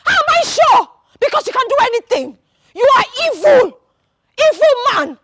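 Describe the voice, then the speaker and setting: A fiery Nigerian wife, defiant and accusing, who will not back down. Her voice sits very high and swings with feeling. She speaks loudly and with full force. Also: sing-song, moderate pace, dry recording, heavily acted. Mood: furious. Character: fierce loyal young wife, hot-tempered. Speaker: wife defending her husband. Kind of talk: Nollywood film acting.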